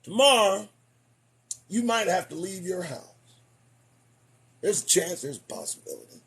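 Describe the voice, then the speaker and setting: A man hosting a podcast, losing his voice, delivering an emphatic, preachy commentary monologue that swings between loud declarations and muttered asides. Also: high-pitched, sing-song, moderate pace, long pauses. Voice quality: husky. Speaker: podcast host.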